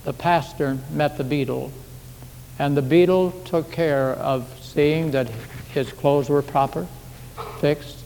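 This sermon comes from a church sanctuary, where echo and a faint hiss fill the recording. The pastor has a slightly mellow, mid-range voice and speaks in a folksy, conversational way, drawing on homely anecdotes.

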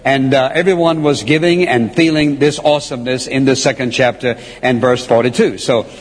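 A man preaching a sermon, emphatic and repeating key phrases, slowing down to read scripture. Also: medium pitch. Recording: long hall reverb.

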